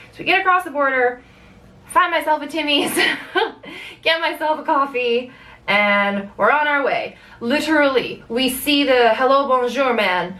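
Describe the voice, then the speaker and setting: A young Canadian woman telling a road-trip story in a casual vlog, animated, swearing freely and acting out what people said. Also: measured pace, far from the mic, poor audio. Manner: animated, swearing, acts out quotes with big pitch jumps. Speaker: vlogger.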